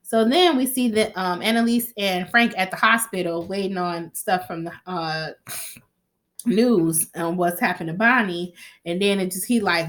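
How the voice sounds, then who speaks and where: A woman in a casual vlog recap talks through a TV episode. Her voice sits at a middle pitch, and she is chatty and profane. She slips into the characters' lines as she goes. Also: moderate pace. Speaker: TV recap vlogger.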